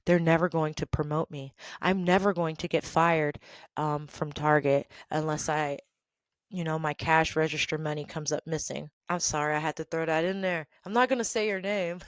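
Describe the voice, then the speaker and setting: A woman telling a work story in a casual vlog, animated and emphatic, repeating phrases for effect. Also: sits low, moderate pace, no echo.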